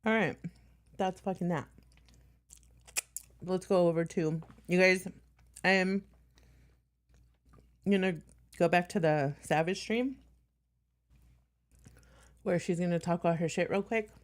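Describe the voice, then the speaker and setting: Blunt, low-pitched woman streamer. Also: slow, pauses often. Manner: blunt, profane, combative. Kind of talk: casual reaction stream.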